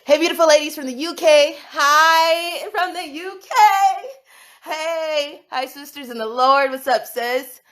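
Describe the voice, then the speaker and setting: Brief: mother on a livestream, high voice, animated, laughs between lines, echoey room. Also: takes it slowly. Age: adult with school-age children. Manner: animated, laughing often, swearing. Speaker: livestream host. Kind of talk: casual livestream rant.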